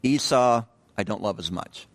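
A man's voice: on the low side, moderate pace. A man leading an informal Bible study, talking in a loose, conversational way. He often repeats words, restarts his phrases and puts questions to the group. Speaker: Bible teacher.

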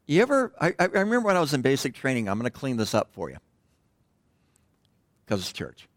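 Middle-aged male pastor, relaxed conversational sermon, rambly asides, trails off quietly, dry close sound. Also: medium pitch, brisk, no echo. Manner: digressive, drops to a hush at phrase ends. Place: church.

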